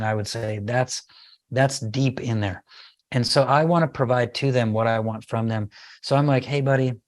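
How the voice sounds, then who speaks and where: A middle-aged man speaking as a guest in a podcast interview about parenting, telling a story in an animated way and acting out what he and his child said. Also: mid-range voice.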